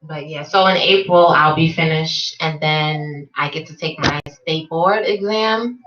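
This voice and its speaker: A woman's voice: low voice, measured pace, a little hiss or hum. A young woman from New York with a New York accent, hosting a podcast in casual, chatty talk. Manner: chatty, laughs often, quotes others in animated voices. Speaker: podcast host. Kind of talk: casual chat. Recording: echoey room, distant mic, dull lo-fi sound.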